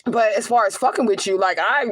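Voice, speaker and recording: A woman's voice: medium pitch, fairly bright tone, low-quality recording. A young woman talks to her followers in an emotional personal vlog. Her voice is close to tears, and she speaks in a raw, profane way, circling back to the same phrases again and again as she pleads with her viewers.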